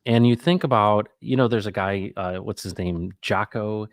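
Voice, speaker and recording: Middle-aged guy, deepish voice, chatty reflective storytelling, dry room. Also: moderate pace, dry recording. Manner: animated, acts out quoted dialogue; reflective, faith-minded musing. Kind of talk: casual conversational storytelling.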